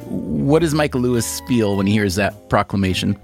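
A man hosting a radio interview show, narrating and asking curious, measured questions. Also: medium pitch, lively intonation, gravelly, soft background music. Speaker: podcast host.

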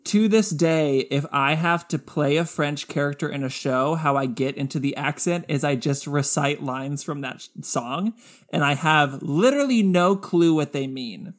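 A man's voice: fairly high pitch, moderate pace. A man co-hosting a podcast in casual chat, giggly and jokey, laughing often. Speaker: podcast co-host.

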